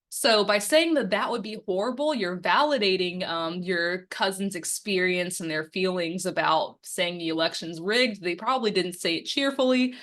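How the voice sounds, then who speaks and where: A young woman with a slightly low voice walks listeners through a quiz-style lesson. She poses questions, then coaches through the answers in a friendly way, dropping frequent ums along the way. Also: expressive, moderate pace, hardly any pauses, a bit bright. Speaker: media and democracy campaigner. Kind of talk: instructional quiz-style presentation.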